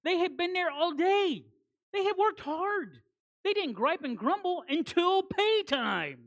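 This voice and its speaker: Preaching as a guest, this woman speaks a little slowly in a high-pitched voice. Her delivery is animated and built on repetition to press each point, broken up by down-home, conversational asides.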